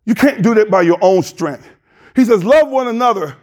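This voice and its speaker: A man's voice: high voice, expressive, moderate pace, a little mellow. A male pastor, preaching a passionate sermon in a church, hollering with plain colloquial speech.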